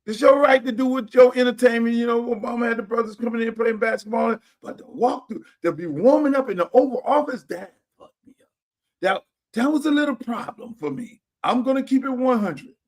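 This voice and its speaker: Man, high-pitched, blunt profane livestream rant. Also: a little fast. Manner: blunt, profane, animated rants. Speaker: host. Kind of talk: casual livestream talk. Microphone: streaming setup.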